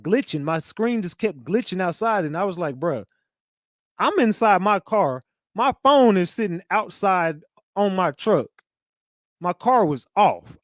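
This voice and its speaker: A man hosting a casual reaction commentary, excitable and profane, calling out to viewers as y'all. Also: high-pitched, dry recording, studio quality. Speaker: host reacting to clips.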